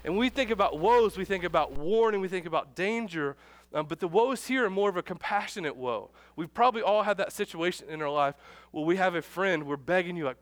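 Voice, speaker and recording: A man in his thirties preaching a conversational sermon as pastor, casual and animated, acting out little dialogues. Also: high-pitched, quick pace, no room sound.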